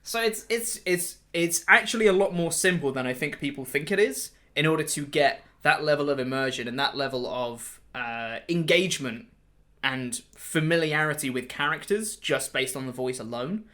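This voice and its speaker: A man hosting a casual podcast chat and talking enthusiastically in quick bursts. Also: fairly high pitch, bright, forceful tone. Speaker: podcast host and game master.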